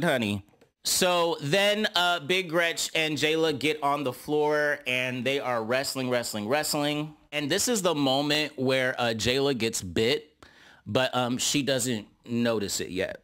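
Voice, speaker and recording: A man's voice: a little high, measured pace, bright, forceful tone. A man recapping a reality TV episode in casual, sassy commentary full of slangy asides.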